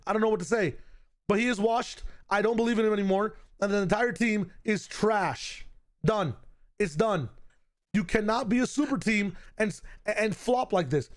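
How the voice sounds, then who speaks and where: Hoarse high-voiced man ranting. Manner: ranting, profane, emphatic. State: hoarse, voice gone. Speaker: streamer. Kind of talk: casual stream commentary.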